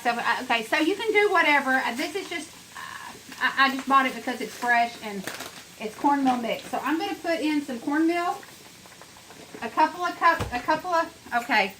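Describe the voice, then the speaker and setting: A woman's voice: sits high, sharp tone, a little hiss or hum, low-quality recording. A woman chatting her way through a home cooking demonstration, rambling and talking straight to her viewers in her kitchen.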